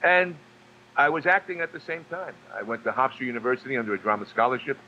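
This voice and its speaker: This New Yorker, an actor and singer, chats as an interview guest, his storytelling halting and circling with repeated words and fillers. Faint hum and slightly flat remote audio surround his normally pitched voice.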